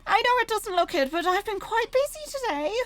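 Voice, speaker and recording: A British woman voicing a chatty older woman who runs a noodle shop, fussy and complaining in a high sing-song voice. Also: sing-song, a little fast, fairly bright tone, dry recording, heavily acted.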